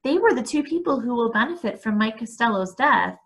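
A woman reading a novel aloud, expressive, with occasional small restarts. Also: on the high side, fairly quick. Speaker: book reader.

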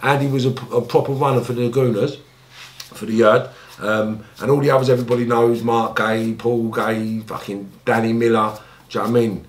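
This former gangster from England, London accent and all, tells his life story in an interview with lots of swearing and blunt delivery. His pitch barely moves, his pace is a little fast, and the room echoes. He acts out scenes using high, pleading voices.

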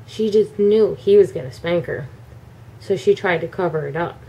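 A woman telling her child a bedtime story, animated and acting out the characters. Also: lowish voice, moderate pace, lo-fi sound. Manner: animated, acts out every character.

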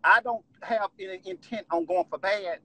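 A man's voice: sits high, very animated, normal speed, creaky, bright, forceful tone, husky, poor audio. A man ranting on a live stream from home into his phone, agitated, repetitive and profane.

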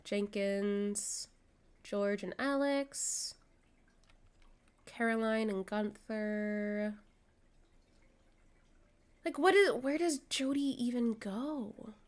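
A woman's voice: very slow, pauses often, clear, resonant tone. A young adult woman streaming a farming game, chatting casually and giggling often as she plays. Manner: chatty, giggly, lively pitch swings. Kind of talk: casual gameplay chat. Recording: faint game music behind.

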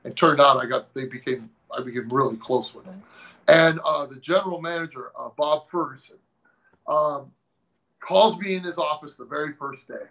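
A man from the Pacific Northwest, a former strength coach, telling animated stories in a casual interview and acting out the people he quotes. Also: a little high, normal speed, creaky, poor audio. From Tacoma, Washington.

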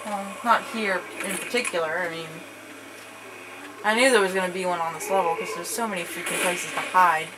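A woman's voice: fairly low pitch, fairly even intonation, fairly quick. A woman commentating a co-op zombie game with a partner, chatty and teasing. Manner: chatty, teasing, bursts into panicked screams. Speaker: gamer playing co-op. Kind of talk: casual let's-play commentary. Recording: loud background noise.

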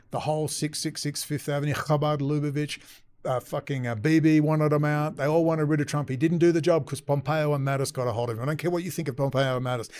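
A man's voice: fairly high pitch, darkish tone, clean tone, no echo. A middle-aged man delivering a profane, sarcastic political rant as a commentator. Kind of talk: ranting video commentary.

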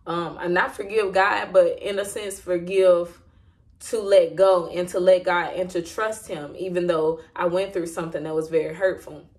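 Woman giving a halting personal testimony. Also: fairly low pitch. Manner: candid, halting, many fillers and restarts. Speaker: Christian vlogger sharing a testimony.

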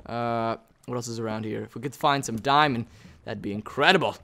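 A gaming YouTuber talking to himself in excitable, rambling let's-play commentary as he plays. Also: mid-range voice, fairly quick. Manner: excitable, rambling self-talk while playing.

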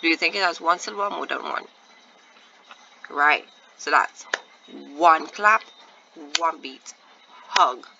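A woman teacher giving a patient phonics lesson to young children, repeating words slowly and asking encouraging questions. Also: sits low, gravelly, bright, forceful tone, highs cut off, a little hiss or hum. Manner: drawn-out, deliberate word repetition with encouraging questions.

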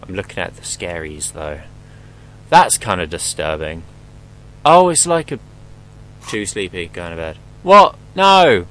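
A man's voice: low voice, animated, unhurried, pauses often, fairly bright tone, poor audio. A young man commenting casually on a horror game as he plays, joking, swearing and yelping at scares. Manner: joking, swearing, jumpy exclamations. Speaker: gameplay commentator.

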